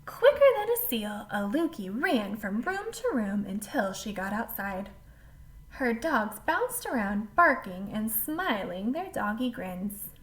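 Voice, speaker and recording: A woman reading a picture book aloud to a child, with animated delivery and asides to the listener. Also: medium pitch, slow pace. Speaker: storyteller.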